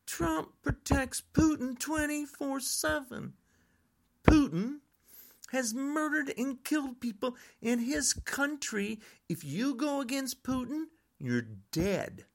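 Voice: sits high, expressive, slow. An older podcast host in a frustrated, angry political rant.

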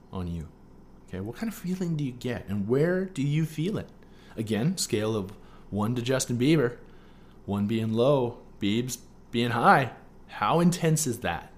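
A man's voice: mid-range voice, slight background noise. A man hosting a solo podcast, coaching listeners through a writing exercise with frequent "okay?" check-ins and playful asides. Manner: playful asides mixed with earnest teaching. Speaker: podcast host.

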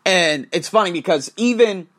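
Animated, profane male podcast host. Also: high voice, normal speed. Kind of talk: casual monologue podcast.

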